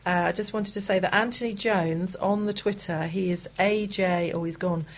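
A middle-aged woman co-hosting a local radio show, chatty and quick to laugh. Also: fairly low pitch, steady tone. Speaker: radio co-host. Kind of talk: casual radio chat. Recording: dull radio studio sound with faint noise.

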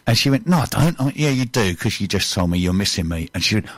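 A man's voice: on the low side, lively intonation, quick pace, a bit bright, no echo. A man hosting a podcast, chatty and jokey, telling stories and asking questions. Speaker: podcast host. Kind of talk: casual podcast conversation.

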